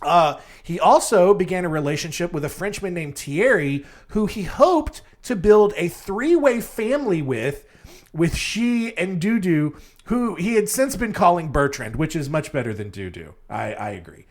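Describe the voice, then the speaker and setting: A man's voice: sits high, lively intonation, moderate pace. A man hosting a casual storytelling podcast, rambling and jokey and often laughing at his own asides. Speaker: podcast host.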